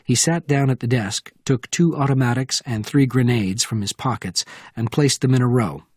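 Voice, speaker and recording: A man giving steady scripted narration of a thriller audiobook. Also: medium pitch, normal speed, slightly rough, dry recording, clean studio sound.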